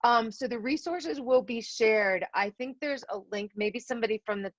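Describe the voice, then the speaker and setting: A middle-aged woman with a fairly high voice speaks earnestly to teachers, repeating her phrases for emphasis. The sound is dry and a little dull, like audio from a video call. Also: moderate pace, dry recording. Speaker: keynote speaker. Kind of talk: heartfelt virtual conference talk.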